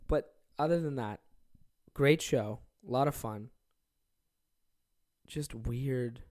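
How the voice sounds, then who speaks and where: A man's voice: mid-range voice, extremely slow, long pauses, darkish tone. A young man hosting his own podcast alone from his office, rambling casually with lots of swearing and self-deprecating asides. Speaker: podcast host. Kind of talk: casual solo podcast chat.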